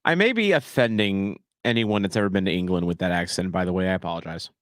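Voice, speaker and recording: A man streaming a casual watch-along of a live match, animated and jokey, shouting at near-misses. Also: deep voice, quick pace, no room sound, studio quality.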